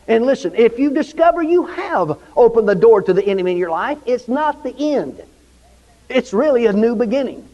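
A man's voice: very high voice, darkish tone. A man preaching a sermon in a church, fervent and repetitive, often calling out for amens. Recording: dull lo-fi recording with long church reverb.

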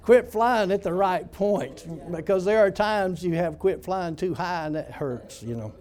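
A male pastor preaching a sermon, telling stories and building up to loud shouts. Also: sits high, a little slow.

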